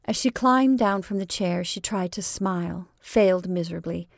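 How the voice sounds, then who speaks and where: A woman storyteller reading a classic short story aloud in a measured, expressive way. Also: lowish voice, vocal fry, no echo, clean studio sound. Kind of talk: scripted narration of a classic story.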